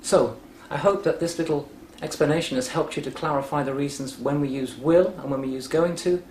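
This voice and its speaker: A man teaching English grammar by telling a short story, patient, clear and deliberate. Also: fairly high pitch, a little mellow. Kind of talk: explaining grammar through a story. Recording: roomy echo with faint background noise.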